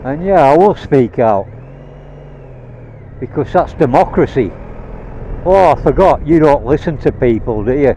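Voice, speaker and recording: Here a man from Rhodesia, today's Zimbabwe, vents and curses bluntly on a vlog as he rides a motorbike outdoors, captured on a helmet mic. His medium-pitched voice is animated yet mellow, and he talks slowly with long pauses. The recording is low quality and carries a little hiss or hum.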